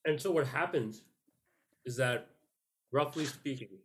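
A man's voice: medium pitch, unhurried, fairly bright tone, slight background noise. A young man hosting a podcast, telling a rambling story with crude jokes in casual banter. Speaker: podcast host.

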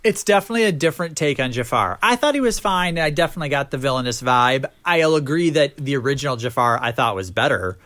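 Animated man ranting about movies. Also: medium pitch, quick pace, few pauses. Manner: animated, joking rants with fillers. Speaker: podcast host. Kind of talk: casual movie review chat.

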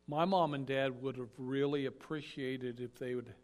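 A man preaching a sermon as an animated storyteller who acts out the characters as he goes. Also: medium pitch, normal speed.

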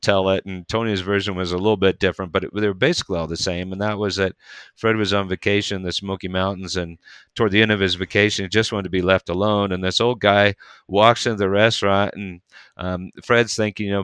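A preacher with a lowish, smooth, resonant voice tells a story in relaxed conversation. He picks up speed and energy in bursts. The sound is dry and close. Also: dry recording. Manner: animated storyteller, quick bursts.

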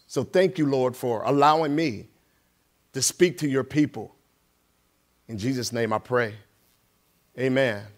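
Speaking a little slowly with long pauses, a middle-aged guest preacher with a mid-range voice leads prayer, reads scripture, and preaches in a church sanctuary. He starts plain and conversational, then grows more emphatic with the scripture reading.

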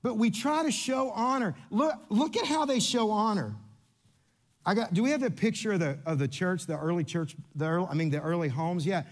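A pastor, a man whose voice sits notably high, preaches with lively, playful energy. He jokes, repeats himself to make a point, and speaks straight to the congregation. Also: a little fast. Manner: animated, playful, coaching volunteers on stage. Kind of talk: sermon.

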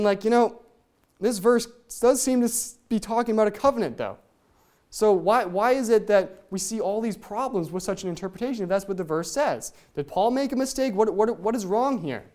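Bible teacher, explanatory, asks rhetorical questions, reads old-style scripture aloud, mid-pitched voice. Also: brisk, a little mellow. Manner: reads scripture aloud in King James wording.

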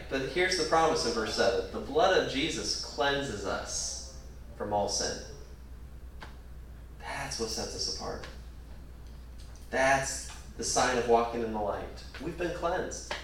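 A man's voice: mid-range voice, animated, slow pace, long pauses, a little hiss or hum. A man preaching a sermon as a pastor, talking in an earnest, conversational way that builds to emphatic moments. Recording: echoey room, mic at a distance.

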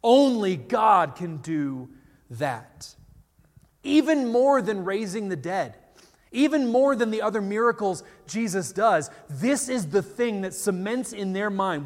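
A man preaching a sermon, telling a story with animated retellings and quoted voices. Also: high-pitched, slow pace. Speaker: pastor. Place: church in Colorado. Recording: long reverb of a large hall.

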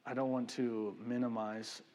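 A man preaching a sermon in an easy, conversational way, often checking in with his listeners with a quick "right?" and calling them "man." His voice sits in a middle pitch range and carries a long reverb tail from a large hall. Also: flat delivery, mellow. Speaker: pastor. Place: church sanctuary.

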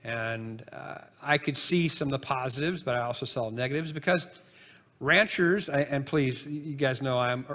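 A man preaching from the pulpit in a relaxed, chatty way, slipping into asides and starting sentences over. His voice sits at an everyday middle pitch. The church hall gives it a long, echoing tail. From northern United States. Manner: conversational, folksy, with asides and restarts. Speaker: pastor. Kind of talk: sermon.

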